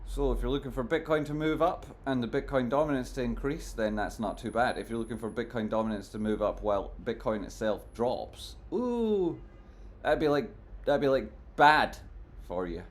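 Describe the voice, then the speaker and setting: Talking to his chat while reviewing trading charts on a live stream, this male streamer is playful and dramatic, lurching from fake despair to loud outbursts. His mid-range voice moves briskly with hardly any pauses.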